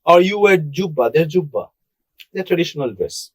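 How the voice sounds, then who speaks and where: Husky man, lively chat. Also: on the high side, moderate pace, dry recording, poor audio. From Bangladesh. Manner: animated, repeats words, does playful accent impressions. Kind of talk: casual chat.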